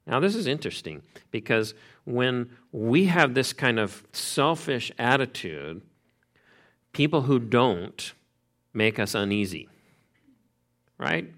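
A pastor preaching an expository sermon in a conversational, emphatic way, repeating key phrases. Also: male voice, medium pitch, animated, slow pace, fairly bright tone.

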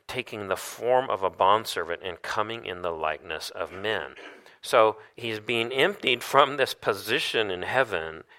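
A man delivering a teaching sermon with a lowish, bright, forceful voice. He works through verses one by one and keeps asking his listeners rhetorical questions. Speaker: preacher.

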